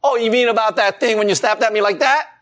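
Teasing amused wife, light and quick, put on by a male preacher. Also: high-pitched, a bit bright, pitched above the performer's own voice.

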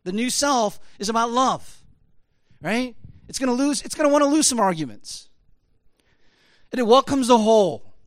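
A man with a high voice preaching an animated, conversational sermon. He keeps checking in with the congregation through rhetorical asides. The recording is dry and close. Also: moderate pace, pauses often, dry recording. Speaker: pastor.

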